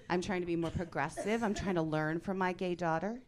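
A woman in her forties performing a stand-up comedy set, telling stories in a deadpan way that breaks into loud outbursts. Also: low-pitched, brisk, a little hiss or hum.

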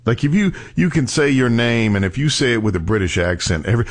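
A male radio host jokes around with his callers, laughing easily and telling comic bits. His voice moves a lot from high to low. He sounds loose and animated. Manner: joking, animated, quick to laugh. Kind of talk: casual radio banter.

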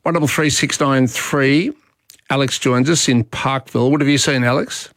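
A man's voice: medium pitch, moderate pace, a bit bright, no room sound. An Australian man hosting a talkback radio show, chatty and opinionated, speaking into a studio microphone. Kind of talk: talkback radio monologue and calls.

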